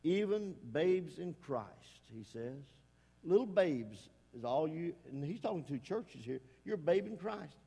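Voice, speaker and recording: A man preaching a sermon, swinging between hushed and emphatic delivery. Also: on the high side, big pitch swings, unhurried, gravelly, husky, long reverb tail. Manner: folksy, rising and falling between hushed and emphatic.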